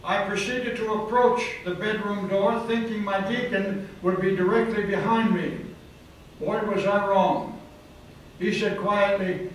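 A man's voice: sits high, fairly even intonation, measured pace. A male preacher telling a dramatic story in a sermon, recorded in a hotel event hall. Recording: echoey hall from far off, faint noise.

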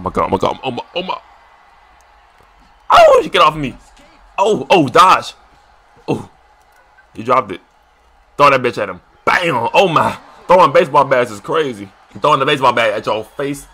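A young man commentating a wrestling video game as he plays it, excitable and slangy, shouting and trash-talking at the screen. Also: mid-range voice. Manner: loose slangy casual speech. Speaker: gaming YouTuber. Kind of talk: live gameplay commentary.

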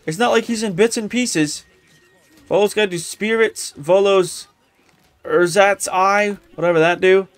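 A man giving casual, excitable commentary while streaming a video game and talking back to the characters. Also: high-pitched, a little slow, no room sound.

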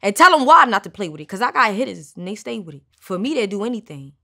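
A woman rapper from Brooklyn, casually breaking down her song in a lively way and dropping into ad-lib sounds. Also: medium pitch, fast, gravelly. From Brooklyn, New York.

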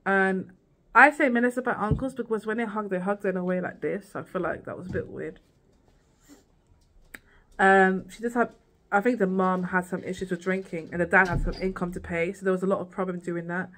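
A woman's voice: mid-range voice, fairly quick, a bit bright, slight background noise. A woman vlogging a casual, rambling recap of a TV series, full of "like" and "girl" asides.

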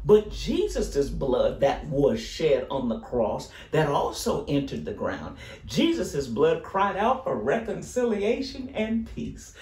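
A man's voice: on the high side, very animated, slow, a little mellow, echoey room, distant mic. A man teaching a Sunday school lesson, preaching fervently with frequent exclamations of praise. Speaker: Bible teacher.

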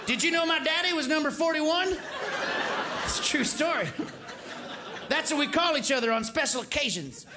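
A man doing a stand-up impression of a folksy former president, halting and tongue-tied on stage. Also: very high voice, animated, noisy background. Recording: live club mic with loud crowd.

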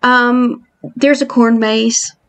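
A woman casually narrating a video game island tour, giggly and excitable, with playful squeals of mock fright and laughter at her own jokes. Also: a little high, drawn-out words. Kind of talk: casual gameplay commentary.

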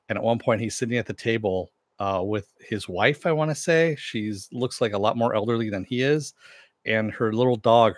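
A man's voice: on the low side, dry recording, clean studio sound. A middle-aged man casually reviewing a series, rambling with many fillers and restarts.

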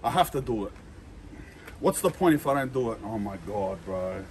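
A young man vlogging a food challenge in a loud, slangy way, full of exaggerated disgust. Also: fairly low pitch, lively intonation, moderate pace, slight background noise. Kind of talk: casual vlog.

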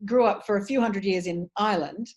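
An articulate middle-aged Australian woman chatting about her craft as a dialect coach. She speaks at an everyday pitch, animated and thoughtful, often circling back and restarting phrases as she works out her point. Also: brisk. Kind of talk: casual interview chat.

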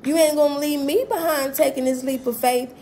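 A woman's voice: high voice, fairly even intonation, fairly quick, dark tone, a little hiss or hum, pitched above the performer's own voice. Pleading loyal pet dog, as a woman puts it on, slangy, slightly raised voice, casual tarot vlog aside.

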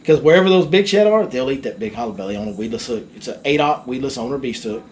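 A fishing guide telling a story in casual chat, animated and acting out the people in it. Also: male voice, medium pitch, fast talker, slight background noise.

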